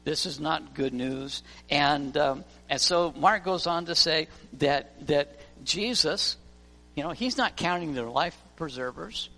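Preacher with a gravelly, bright voice. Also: male voice, fairly high pitch, a little slow. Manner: storytelling preacher, acts out voices. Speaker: pastor. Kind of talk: sermon. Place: church. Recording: long reverb of a church hall, faint music.

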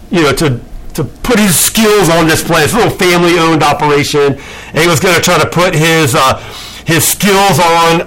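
A man teaching a Bible class in a casual, animated way, asking many rhetorical questions and using lots of fillers. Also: fairly high pitch, poor audio.

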